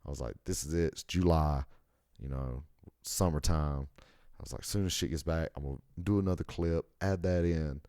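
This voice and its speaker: A man's voice: extremely low pitch, moderate pace, mellow, dry recording, clean studio sound. A young American man hosting a podcast alone, rambling and ranting with heavy profanity. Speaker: podcast host. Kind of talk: casual solo monologue.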